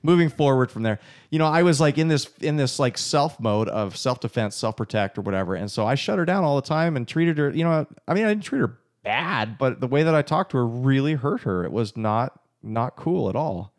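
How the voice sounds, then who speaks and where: A man tells his own story candidly and with animation. He pokes fun at himself in a relaxed, conversational way. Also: mid-range voice, fairly quick. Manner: candid, animated, self-deprecating. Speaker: podcast co-host, husband. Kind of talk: casual storytelling talk.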